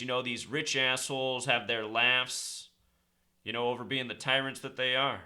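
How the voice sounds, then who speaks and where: A man's voice: medium pitch, fairly even intonation, moderate pace, pushed and bright. A man hosting his own video, delivering an indignant, insistent conspiracy commentary monologue. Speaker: online video host.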